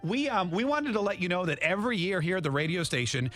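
A man's voice: sits high, sing-song, quick pace, fairly bright tone. A man hosting a morning radio show, chatting casually and upbeat with lots of fillers. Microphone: studio mic.

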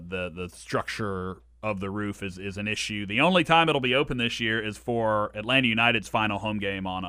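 A man co-hosting a sports podcast in a bright, forceful voice, holding forth with plenty of restarts and strong opinions. The sound is dry and close to the mic, with no room around it. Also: fairly low pitch, dry recording. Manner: talks at length, many restarts, opinionated. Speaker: co-host. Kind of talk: casual sports podcast chat.

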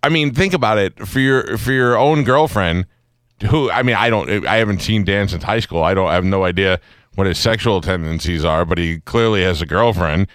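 A male radio host with a low, smooth voice, joking with a caller in a dry studio sound. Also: moderate pace, a bit bright, no echo. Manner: joking, wisecracking. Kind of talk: casual talk radio.

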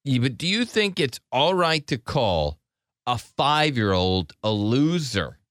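A man's voice: medium pitch, very animated, takes it slowly, fairly bright tone, dry recording, clean studio sound. A man hosting a call-in radio show, with joking, teasing banter for his callers. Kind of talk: casual call-in radio talk.

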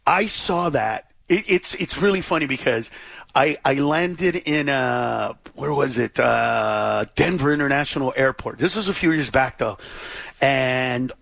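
A man who is a comedian guest in a casual interview, telling stories fast and animatedly with quick restarts. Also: medium pitch, gravelly, fairly bright tone, no echo.

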